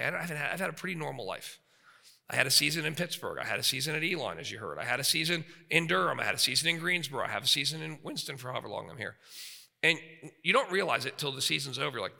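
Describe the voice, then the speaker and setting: Male pastor, 30s, animated sermon delivery, sharp tone, echoing hall. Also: medium pitch, creaky. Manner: animated, shifts between loud and quiet. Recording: long hall reverb.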